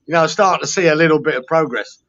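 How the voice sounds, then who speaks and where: A man's voice: a little high, quick pace, fairly bright tone. Tired Cockney man, blunt and sweary. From London. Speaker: guest. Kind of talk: casual chat. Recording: dull lo-fi sound with faint noise.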